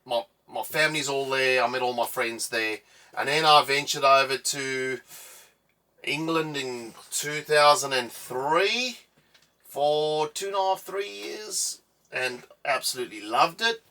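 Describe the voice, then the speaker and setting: South African man, 30s, rambling co-host, bright, slightly distant mic. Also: medium pitch, a little slow. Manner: jokey and rambling. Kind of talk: casual chat.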